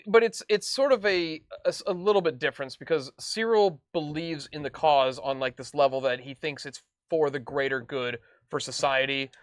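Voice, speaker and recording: A man's voice: on the high side, moderate pace, hardly any pauses, no echo, clean studio sound. A man co-hosting a podcast, rambling as he retells scenes in casual chat. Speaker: podcast co-host.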